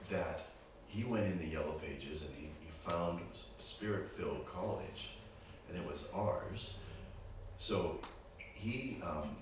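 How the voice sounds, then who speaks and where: A man from Pittsburgh with a Pittsburgh accent, a guest preacher telling a story in a sermon and checking in with the congregation often. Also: low voice. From Pittsburgh, USA. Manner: animated, keeps checking in with the audience. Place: church sanctuary. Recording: very echoey church, distant mic, background noise.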